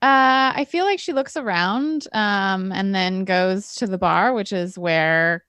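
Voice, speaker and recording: A woman's voice: mid-range voice, takes it slowly, fairly bright tone, clean tone, dry recording, studio quality. Woman player chatting at a tabletop game. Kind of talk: casual tabletop play.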